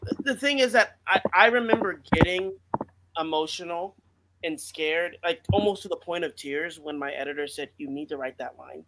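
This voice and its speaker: A man's voice: on the high side, normal speed, noisy background. A man co-hosting a casual podcast about writing, talking earnestly and reflectively with many fillers. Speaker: author and podcast co-host.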